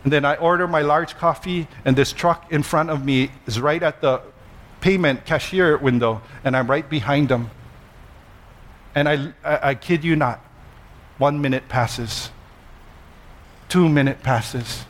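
A man pastor, preaching a sermon with animated storytelling, self-deprecating humor and slow emphatic repetition. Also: fairly high pitch.

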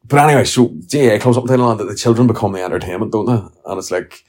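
A man's voice: on the low side, racing, hardly any pauses, darkish tone, slightly rough. A middle-aged man with a Northern Irish accent, ranting and telling blunt, sweary stories as a podcast host. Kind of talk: casual ranting monologue.

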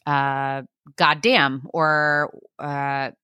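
A woman's voice: low voice, little pitch movement, very slow, bright, forceful tone, smooth, no echo, clean studio sound. A woman in her thirties co-hosting a podcast, chatting casually, swearing freely and acting out stories. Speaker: podcast co-host. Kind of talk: casual chat.

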